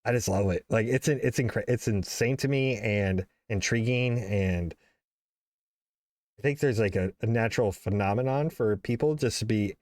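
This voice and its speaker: A man's voice: lowish voice, moderate pace, a little mellow, dry recording, clean studio sound. A man hosting a playful friendship quiz in a casual podcast chat, with upbeat game-show delivery. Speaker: quiz host.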